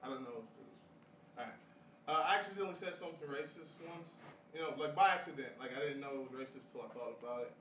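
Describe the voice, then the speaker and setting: A man's voice: mid-range voice, fast, fairly bright tone. A young man doing a rambling stand-up set at a café open mic, laughing at his own jokes. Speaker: stand-up comedian. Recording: roomy live café sound from a distant mic with audience noise.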